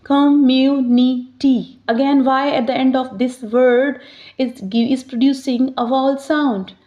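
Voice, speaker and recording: A woman teaching English pronunciation, explaining step by step and slowly sounding out each word. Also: sits high, steady tone. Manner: slows down to sound out words clearly. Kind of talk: slow, deliberate teaching explanation. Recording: slightly dull, lo-fi sound.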